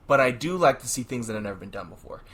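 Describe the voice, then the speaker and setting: A man's voice: medium pitch, lively intonation, a bit bright, husky. A young man co-hosting a casual sports podcast, joking and laughing as he talks. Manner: joking, laughs often, quick asides. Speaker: podcast co-host.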